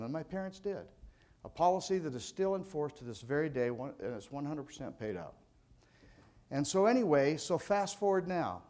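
A man's voice: on the high side, sing-song, moderate pace, a little mellow. An older man from California, an insurance agent giving a motivational speech to a sales audience in a folksy, conversational storytelling manner.

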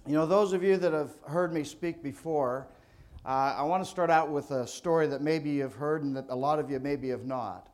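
A man's voice: a little high, moderate pace, a little mellow. Folksy older man giving a sales talk. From California. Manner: folksy, conversational storytelling. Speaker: insurance agent speaking at a sales event. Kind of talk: motivational speech.

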